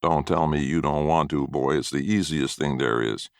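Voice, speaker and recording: A man's voice: very deep voice, normal speed, gravelly, no echo, studio quality. A man doing a whining sly old grandfather. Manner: whining, self-pitying.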